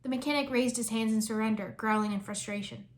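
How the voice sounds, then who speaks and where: A woman reading a fan fiction story aloud in a lively storytelling manner. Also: on the high side, fast talker.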